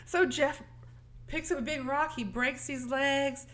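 Podcast co-host, woman, higher-pitched, sarcastic movie recapper who acts out the scenes. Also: unhurried. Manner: animated, sarcastic, acts out characters' lines. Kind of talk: casual movie recap chat.

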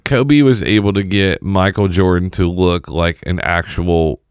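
A man's voice: low voice, steady tone, unhurried, clean tone, no echo, clean studio sound. A man co-hosting a podcast in laid-back, wisecracking casual chat, a little crude. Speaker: podcast co-host.

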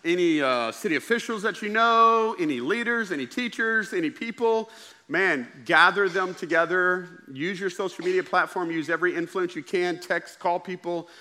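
A young adult man, preaching a sermon in an energetic, folksy way, with asides to the congregation. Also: high-pitched, moderate pace. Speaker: pastor.

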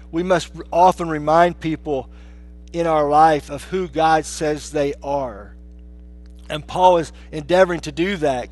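A man preaching a sermon as pastor, swinging between hushed, low lines and raised, emphatic ones.

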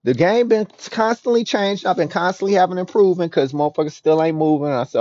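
A man giving a raw, rambling, profane confessional monologue as a podcast host, often dropping to a low murmur. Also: fast talker, a little mellow. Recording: dull dry lo-fi recording.

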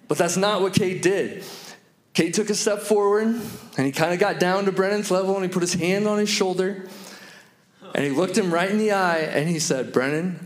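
A man in his thirties delivering a sermon with a slightly higher-than-usual voice. He tells stories from family life and slows down hard on repeated key phrases. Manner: storytelling with slow, emphatic repetitions. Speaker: pastor.

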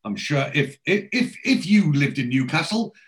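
A man's voice: fairly high pitch, moderate pace. A man from England, co-hosting a podcast in casual chat and animatedly retelling TV scenes, swearing freely. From South Shields, northeast England. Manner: animated storyteller who acts out lines, with frequent swearing. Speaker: podcast co-host. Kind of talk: casual chat recapping a TV episode.

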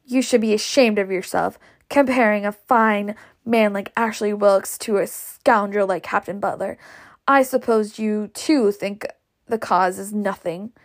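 A woman's voice: medium pitch, steady tone, unhurried, lightly acted. Woman reading as a bossy, indignant matron. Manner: firm, scolding.

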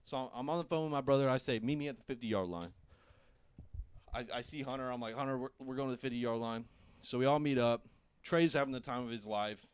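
A young man casually telling a profane, animated story among friends, laughing often. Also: medium pitch, fairly quick, clean tone. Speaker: podcast host.

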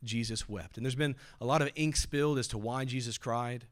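A man preaching a sermon with earnest delivery. He slows down to stress key phrases and goes soft and quiet on solemn words. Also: mid-range voice. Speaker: pastor.

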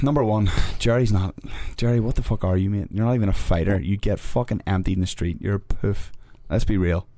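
A man's voice: on the low side, fast talker, hardly any pauses, mellow, no room sound. A man with a Northern Irish accent, a fighter guest on a podcast, ranting heatedly and swearing a lot. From Northern Ireland. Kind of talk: casual podcast chat.

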